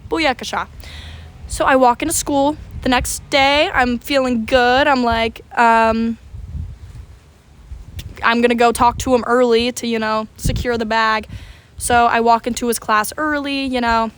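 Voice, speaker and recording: A young woman with a fairly high voice recounts a story straight to camera. She tells it in an animated, dramatic way. She swears without a second thought. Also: measured pace, clear, resonant tone. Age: young adult. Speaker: vlogger.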